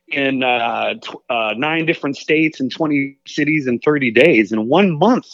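A man's voice: medium pitch, lively intonation, measured pace, a bit bright, no echo, dull audio. A man, a comedian, chatting in a casual interview, rambling and jokey. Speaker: comedian guest.

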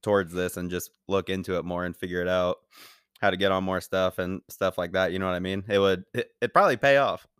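A man hosting a casual podcast chat, relaxed, agreeing and laughing often. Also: deep voice, quick pace, clear, resonant tone, no room sound, studio quality. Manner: laid-back, frequent short laughs and agreement. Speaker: podcast host.

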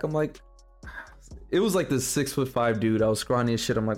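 A man in his twenties co-hosting a live podcast, telling a story in a casual, profane, animated way and acting out the quotes. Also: medium pitch, a little fast, faint music behind. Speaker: podcast co-host. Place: live show venue.

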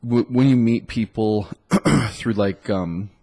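A man's voice: on the low side, slow, vocal fry, warm tone, breathy edge. A man who has a cold, talking as a dating coach in a loose, rambling solo monologue full of likes and ums. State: stuffed up with a cold.

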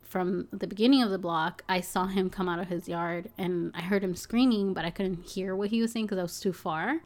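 A woman's voice: on the low side, fairly even intonation, brisk, a little mellow. Chatty woman telling a story with lots of "like". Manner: chatty, lots of "like" and "you know", swears, laughs often. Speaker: package delivery driver. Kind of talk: casual storytelling chat.

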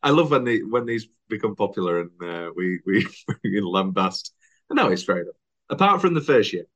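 A man's voice: lowish voice, normal speed, slightly rough. Chatty young man, podcast host. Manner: chatty, laughs often, lively retelling with put-on voices. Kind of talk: casual film podcast chat.

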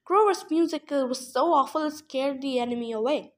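A woman voicing a pompous elderly male satyr elder who bellows in slow, loud indignation, in an audiobook reading. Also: sits high, natural voice. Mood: indignant.

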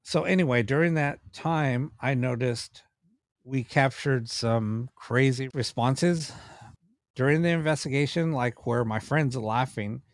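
A man's voice: mid-range voice, dry recording, clean studio sound. Chatty man telling paranormal stories. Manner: animated, rambling, with frequent restarts. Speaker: paranormal investigator and cameraman. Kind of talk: casual storytelling in a podcast interview.

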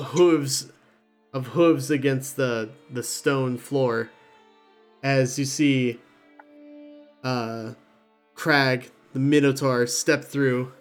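A young man narrating as game master in a relaxed, rambling way, swearing casually. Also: medium pitch.

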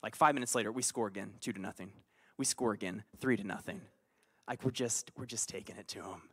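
A man preaching a conversational sermon, telling a personal story with animated swings between quiet asides and loud bursts. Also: lowish voice, a little fast, breathy edge. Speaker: pastor.

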